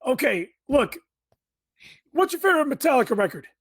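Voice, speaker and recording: Podcast guest: a man with a high, crackly blown-speaker rasp. Punchy and loud, dry studio sound. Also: very animated, moderate pace, no room sound. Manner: emphatic, loud, swears freely. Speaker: podcast guest and fellow podcast host. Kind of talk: casual podcast chat.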